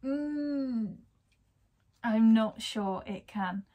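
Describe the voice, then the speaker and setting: A woman's voice: mid-range voice, fairly even intonation, moderate pace, darkish tone, lo-fi sound. A young woman from the English West Midlands, chatting casually and enthusiastically to camera, with a self-deprecating manner. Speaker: YouTuber.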